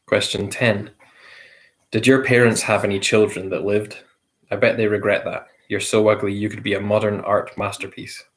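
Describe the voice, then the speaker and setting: Among friends, a man hosts a relaxed quiz, his slightly low voice flat in delivery and moving at a normal, easy speed. Each question gets read and then repeated, now and then with a light chuckle.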